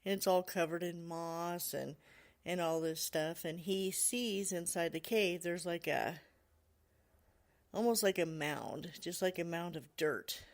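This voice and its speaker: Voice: mid-range voice, measured pace. Chatty podcast host retelling a story. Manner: loose retelling full of "you know" and "like"; laughs now and then while telling. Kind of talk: casual storytelling.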